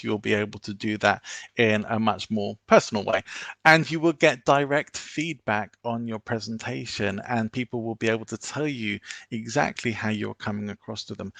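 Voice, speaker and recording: Guy teaching presentation skills online, gravelly voice, steady and deliberate, dry close sound. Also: mid-range voice, no echo. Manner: instructive, measured, deliberate.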